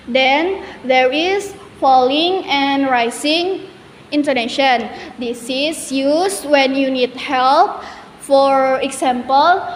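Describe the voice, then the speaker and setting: High, slow-spoken young woman presenting. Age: young adult. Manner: careful, halting delivery with restarts. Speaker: student presenter. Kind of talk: classroom presentation. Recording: echoey hall, faint background noise.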